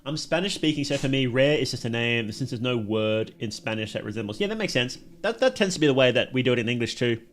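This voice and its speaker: A man's voice: mid-range voice, expressive, fast talker, few pauses, slight background noise. A young man with an Australian accent, chatting casually with his live stream chat and laughing often.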